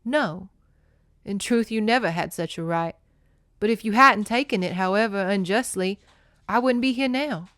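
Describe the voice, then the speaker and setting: A woman reading the lines of a gentle alien man living in a human body, in a solemn, earnest tone. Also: mid-range voice, normal speed, dry recording, clean studio sound, natural voice.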